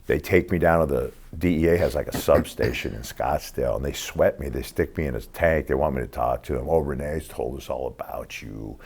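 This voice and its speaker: Gravel-deep profane man in his sixties. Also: fairly quick, hardly any pauses, a little mellow. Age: 60s. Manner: profane, streetwise; acts out the other people in his stories. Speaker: interview guest. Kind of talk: casual storytelling.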